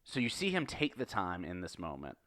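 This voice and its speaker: Man, lowish voice, enthusiastic podcast co-host, dry room. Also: huge pitch swings, brisk, fairly bright tone, dry recording. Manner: earnest, enthusiastic, seeks agreement with "right?". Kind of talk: casual analytical chat.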